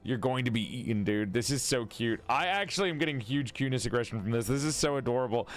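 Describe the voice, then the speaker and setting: A man streaming a video game in casual chat, excitable and gushing, sounding a little sleepy. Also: moderate pace, smooth, faint music behind. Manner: excitable, gushing, swings into high squeals. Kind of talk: casual gaming livestream chat.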